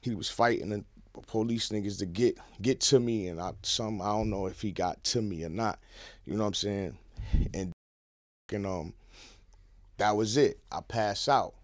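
New man, podcast guest, close dry studio mic, lively storytelling, hushed to shouting. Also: on the low side, normal speed, dry recording. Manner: animated, swings from hushed to shouting. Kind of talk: casual storytelling.

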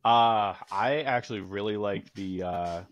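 Male guest, lowish voice, relaxed hesitant speech, dry close mic. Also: unhurried, no echo, lo-fi sound. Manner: easygoing, hesitant, many fillers. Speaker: podcast guest, teacher. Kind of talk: casual interview chat.

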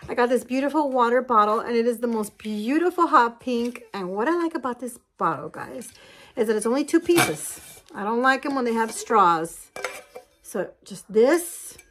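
A woman's voice: on the high side, lively intonation, moderate pace, a bit bright, slight background noise. A woman in her forties chatting casually to camera at home, gushing and fond, using baby talk with her dogs. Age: 40s. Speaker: lifestyle vlogger. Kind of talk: casual vlog chat to camera.

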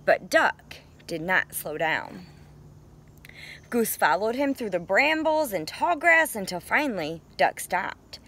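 Slow, expressive storytime teacher, a woman. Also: mid-range voice. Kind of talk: children's read-aloud.

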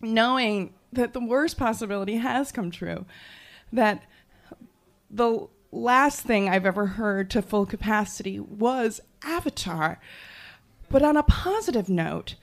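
A woman from the Jersey Shore telling a personal story live on stage, animated and self-mocking, laughing as she goes. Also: a little high, unhurried. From Jersey Shore, USA.

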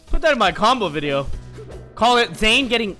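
A man streaming a video game, chatting casually and trash-talking with constant profanity. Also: high voice. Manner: brash, profane trash talk. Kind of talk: casual live-stream gameplay chat.

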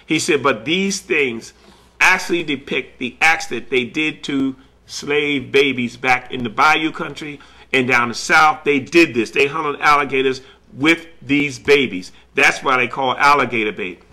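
A man, a collector, slowly retelling a story in earnest with many quoted back-and-forth exchanges. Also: medium pitch, bright, forceful tone. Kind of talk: recorded personal storytelling.

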